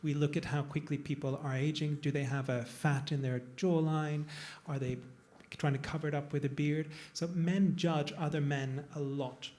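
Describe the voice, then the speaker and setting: A man's voice: a little high, steady tone, moderate pace, few pauses, a little mellow. A man, a plastic surgeon, talking casually on a panel to a live audience, digressive and self-deprecating. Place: event room with an audience.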